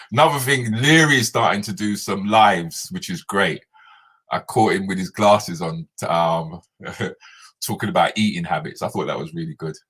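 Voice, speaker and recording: A man's voice: fairly low pitch, a bit bright, husky. A man hosting a casual live stream, chatting and laughing as he answers viewer comments.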